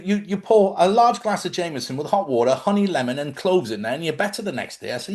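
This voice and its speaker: A man's voice: fairly high pitch, very animated, fast, few pauses, a little mellow. A man, talking casually about spiritual living and telling stories from his own life, often checking in with his listeners. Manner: conversational storytelling, asks listeners questions. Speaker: host.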